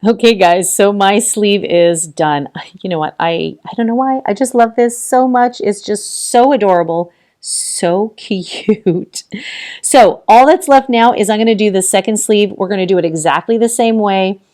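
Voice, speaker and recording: A woman's voice: mid-range voice, unhurried, a little mellow. A woman hosting a casual crochet tutorial, talking through each step, counting stitches aloud and encouraging viewers with frequent laughs.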